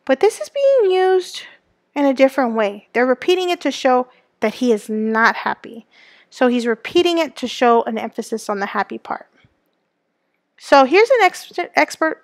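A woman's voice: sits high, lively intonation, moderate pace, dry recording. A woman teacher giving a recorded lesson to students. She explains step by step and keeps checking in with them with "okay?" and "right?".

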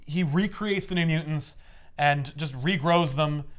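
A man's voice: fairly high pitch, a little slow. A man hosting a casual chat, rambling and swearing as he recaps a story and acts out its characters. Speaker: podcast host.

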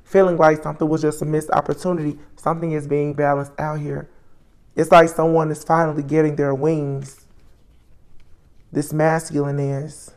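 A woman's voice: low voice, level tone, moderate pace. Musing woman reading tarot cards. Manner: musing, names cards aloud with soft exclamations. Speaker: tarot reader.

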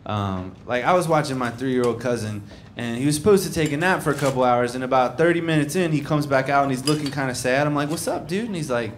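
A young man performing a stand-up comedy set on stage, telling stories conversationally and acting out lines from children and others before shouting the punchlines. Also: mid-range voice, quick pace, few pauses. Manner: conversational storytelling, acts out kids and shouts punchlines. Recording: live club recording with crowd noise. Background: audience laughter.

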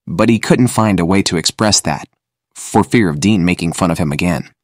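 A man narrating an audiobook in a steady, measured way. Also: deep voice, no echo, studio quality.

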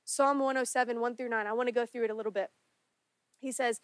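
Woman pastor preaching a sermon, earnest, pleading, slightly raised pitch, dry close sound. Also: steady tone, fast talker, no room sound. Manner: earnest, pleading, rising in intensity during prayers. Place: church sanctuary.

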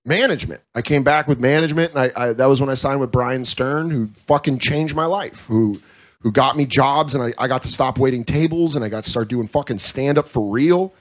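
A comedian guest in candid casual talk, frank and profane, acting out quoted voices. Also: male voice, medium pitch, a little fast. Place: comedy club.

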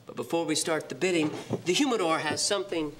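A comic performer playing an auctioneer who runs bids with brisk patter. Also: medium pitch, a bit bright, slight background noise. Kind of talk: comic sketch.

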